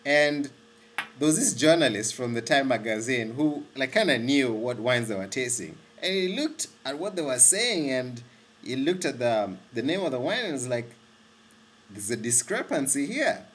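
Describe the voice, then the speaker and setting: A man from Kenya talks about wine in a loose, rambling way. He trips over and restarts his sentences and gets excited as he goes. His voice sits at an ordinary middle pitch for a man. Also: normal speed, a little hiss or hum. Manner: rambling, with frequent restarts and self-corrections; animated and excitable. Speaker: wine vlogger. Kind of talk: casual explanatory monologue.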